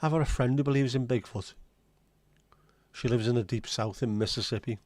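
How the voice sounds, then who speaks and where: A man's voice: mid-range voice, fairly quick, a little mellow, no echo. Male host, rambling casual chat with viewers, dry close sound. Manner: rambling, chatty, answers chat comments aloud.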